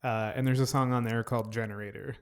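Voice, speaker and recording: A man's voice: mid-range voice, steady tone, quick pace, smooth. A man co-hosting a podcast in a studio, chatting casually and searching for words. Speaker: podcast co-host. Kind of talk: casual chat.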